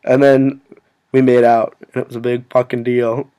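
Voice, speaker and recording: A young man casually telling a story to his viewers, rambling and filling every pause with "like". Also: mid-range voice, level tone, mellow, clear, resonant tone. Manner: rambling, full of "like" fillers. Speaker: vlogger.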